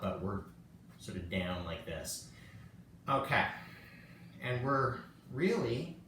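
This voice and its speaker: A man's voice: mid-range voice, a bit bright. A man teaching a casual live-streamed yoga class, chatty and joking at himself as he cues poses. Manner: chatty and self-joking, laughs often. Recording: echoey room, distant mic, faint noise.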